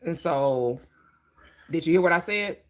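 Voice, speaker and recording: A woman's voice: low voice, animated, a little slow. A woman hosting a casual live stream, blunt and laughing as she talks back to her chat.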